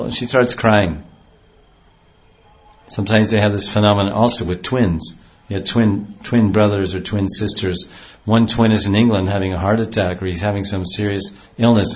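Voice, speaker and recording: A man's voice: fairly low pitch, fairly even intonation, fairly quick. A man giving a rambling devotional lecture with many restarts, heard on a dull lo-fi recording. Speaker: spiritual teacher.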